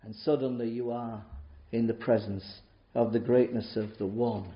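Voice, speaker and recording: A man preaching a sermon, emphatic and full of rhetorical questions, with sharp rises and drops in loudness. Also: mid-range voice, flat delivery, moderate pace. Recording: roomy, dull church sound.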